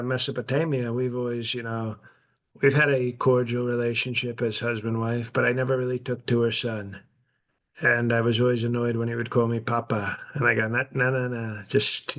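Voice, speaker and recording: A man's voice: medium pitch, close to an everyday voice. A man doing a rambling, boastful old president. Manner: rambling, boastful, deadpan, with self-interruptions. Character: brash, boastful elderly male president. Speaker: podcast host in character. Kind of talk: improvised comedy podcast.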